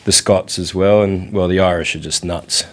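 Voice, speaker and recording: Australian man, very deep voice, relaxed, rambling interview chat. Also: normal speed. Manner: relaxed, laughs often, rambling with many fillers. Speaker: interview guest. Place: indoors in India.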